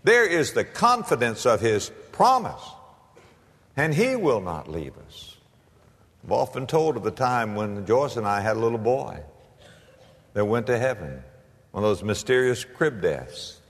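A man preaching a sermon with an animated, rising and falling voice. He swings from emphatic proclaiming to quiet storytelling. His voice rings with a long reverb, as if in a large church sanctuary. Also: medium pitch, a little slow. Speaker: pastor.

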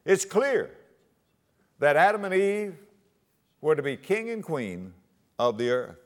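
A man preaching a sermon, quoting scripture in old-fashioned wording and swinging his voice high and low for emphasis. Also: sing-song, slow pace. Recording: long hall reverb.

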